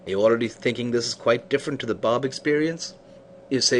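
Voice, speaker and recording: A man's voice: medium pitch, quick pace. Male business coach, middle-range voice, talks through a sales story with light voicing of the people in it, faint background hiss. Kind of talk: scripted teaching monologue with storytelling.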